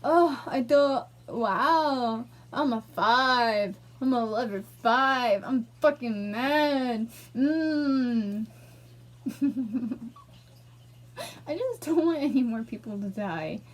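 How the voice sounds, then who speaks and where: High-voiced woman venting in anger. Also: extremely slow. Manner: angry, emotional, swearing. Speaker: vlogger. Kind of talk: personal vlog rant.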